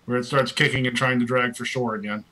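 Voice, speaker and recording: A man's voice: medium pitch, steady tone, fast, pushed and bright, low-quality recording. A man narrating as dungeon master, casual and easygoing. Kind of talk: narrating a tabletop game.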